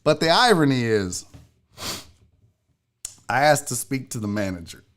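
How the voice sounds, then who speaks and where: A man's voice: mid-range voice, measured pace. A man hosting his own show, telling a comic story as a profane, sarcastic rant. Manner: animated, swearing, sarcastic. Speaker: sports show host.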